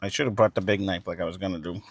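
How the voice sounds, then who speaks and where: A man's voice: deep voice, fairly even intonation, racing, breathy edge. A man casually reviewing breakfast food with a co-host, frank and easygoing about what he likes.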